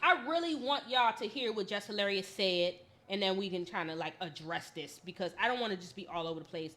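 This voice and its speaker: Woman co-host, bright, sharp tone, emphatic storyteller. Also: mid-range voice, a little fast. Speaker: podcast co-host. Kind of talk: casual chat.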